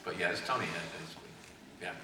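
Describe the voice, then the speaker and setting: A man's voice: low-pitched, racing. Rambling man at an echoey convention panel. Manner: rambling, self-deprecating, with many fillers. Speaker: guest actor on a fan panel. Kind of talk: casual panel Q&A answers. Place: large convention hall. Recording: echoey hall, far from mic, noisy.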